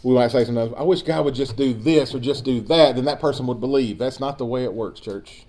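A man's voice: medium pitch, brisk, mellow. A man preaching a sermon, building emphasis and speaking directly to his congregation. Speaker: pastor.

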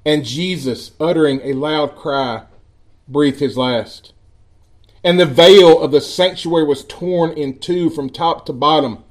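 A man preaching a sermon in a church, reading scripture slowly with emphatic pauses. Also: fairly high pitch. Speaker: pastor.

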